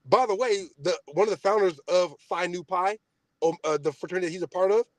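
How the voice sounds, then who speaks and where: A young man hosting a podcast, ranting in a boastful, profane, casual way, swinging between loud outbursts and low mutters. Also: fast talker, no room sound. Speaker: podcast host. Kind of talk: heated casual podcast rant.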